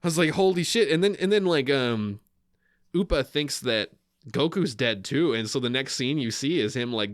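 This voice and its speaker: Podcast co-host, male, mid-pitched, animated storyteller, dry booth sound. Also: no echo. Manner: excitable, laughing storyteller retelling scenes. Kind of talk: casual chat.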